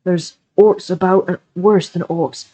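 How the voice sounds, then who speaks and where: A woman's voice: fairly low pitch, steady tone, measured pace, mellow. A woman voicing Sam, a loyal, frightened young male hobbit who talks in a blunt, urgent way. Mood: grim.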